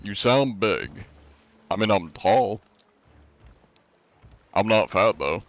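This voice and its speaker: A man's voice: lowish voice, expressive, takes it slowly, muffled recording. Laid-back American man chatting with viewers. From USA. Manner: laid-back, rambling, many fillers like "like". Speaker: streamer. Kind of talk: casual chat with viewers while gaming.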